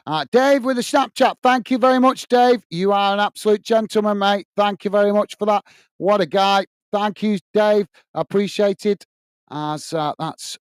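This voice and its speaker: A man's voice: high voice, clear, resonant tone, dry recording. A man hosting a live match watch-along, calling the play step by step and thanking viewers by name between moves. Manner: calls the action steadily, blow by blow. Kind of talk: live play-by-play commentary with chat shout-outs.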